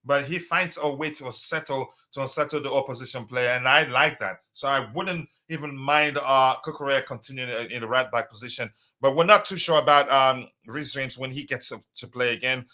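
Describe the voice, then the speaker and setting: A man's voice: medium pitch, a little fast, hardly any pauses, pushed and bright. A man hosting a casual live stream, talking loosely with many fillers and reading out viewers' messages. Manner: hesitant, many fillers, reads chat aloud.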